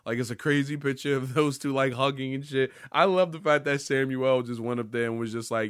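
A man riffing on a podcast in loose, rambling commentary, swearing freely and jumping into excited outbursts. His voice sits at an ordinary pitch and sounds dry and close, with no room around it. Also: brisk, few pauses, clean tone, no room sound. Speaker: podcast host. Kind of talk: casual pop-culture commentary.

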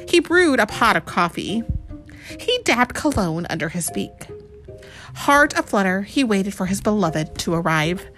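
A woman's voice: medium pitch, sharp tone. A woman reading a storybook aloud to her child at home, chatty and asking him questions along the way.

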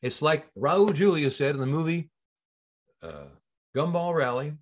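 A man being interviewed as a healing practitioner on a long-form podcast, telling stories in an animated, emphatic way that swings between loud and soft. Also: fairly high pitch, measured pace. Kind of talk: casual interview talk.

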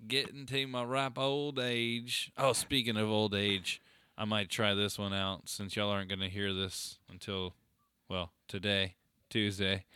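Bright, clear-voiced joking man. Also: fairly low pitch, little pitch movement, slow pace, no room sound, clean studio sound. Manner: jokey, laughs often, slips into silly put-on voices. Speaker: podcast co-host. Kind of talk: casual banter.

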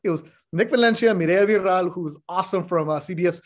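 A middle-aged sports broadcaster guests on a podcast for a casual chat, telling stories bluntly and with animation and swearing now and then. His voice is high and fast.

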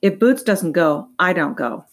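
A woman voicing an eager, earnest boy hero who is protective of his little sister, pitching up on his outbursts. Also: lively intonation, normal speed, lightly acted. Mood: firm.

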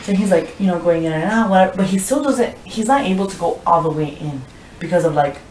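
A young woman with a fairly low voice chats casually, laughing and swearing as she tells her story, her talk full of "like". She sits back from the mic in an echoey room, with a faint hiss underneath. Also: expressive, fast, a little mellow, far from the mic. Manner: laughing, profane, lots of filler "like". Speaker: podcast guest telling a story. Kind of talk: casual chat.

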